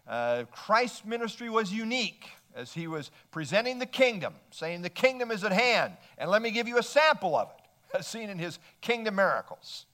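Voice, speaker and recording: A man with a notably high-pitched voice delivers a measured expository sermon. He works steadily through scripture and cites chapter and verse as a pastor teaching his congregation. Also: very animated, sharp tone.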